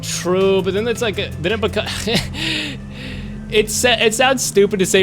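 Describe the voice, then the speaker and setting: A man's voice: high voice, lively intonation, a little slow. A man streaming a game live, ranting in frustration with lots of swearing and laughter. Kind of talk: live gaming commentary. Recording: game music playing behind.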